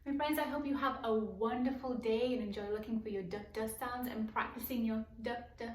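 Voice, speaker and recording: A woman teaching a children's circle-time lesson, speaking in a slow sing-song voice and stretching out letter sounds. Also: a little high, steady tone. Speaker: preschool teacher. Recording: echoey room, voice from far off.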